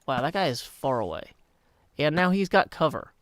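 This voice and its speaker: A man with a hoarse morning voice, rambling and chatty as he streams a game and answers chat mid-thought. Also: fairly high pitch, big pitch swings, normal speed, fairly bright tone. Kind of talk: live-streamed game commentary.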